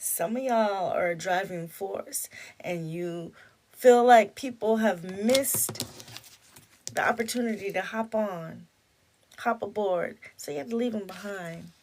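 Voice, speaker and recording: A woman giving a tarot reading for a zodiac sign, animated, breaking into sung snippets and laughter. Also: mid-range voice, takes it slowly, slight background noise. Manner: animated, sings and chants snippets, laughs often. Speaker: tarot reader.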